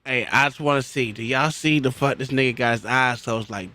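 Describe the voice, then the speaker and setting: A man giving crude, loud reaction commentary, laughing and mock-quoting people in a profane, animated way. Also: mid-range voice, normal speed, few pauses, a little hiss or hum. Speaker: reaction streamer.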